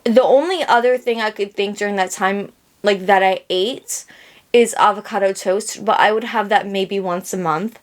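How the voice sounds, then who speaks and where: A woman's voice: mid-range voice, normal speed. A young woman hosting a casual solo podcast, rambling and joking at herself, talking through lots of fillers and restarts while sounding a little under the weather. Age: young adult. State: sick. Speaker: podcast host.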